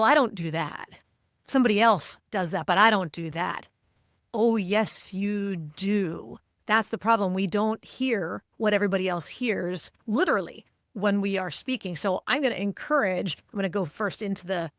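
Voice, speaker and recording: Woman, middle-aged, emphatic coaching voice, mid pitch, dry close mic. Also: no room sound. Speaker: guest, cognitive linguist and executive coach. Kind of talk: podcast interview.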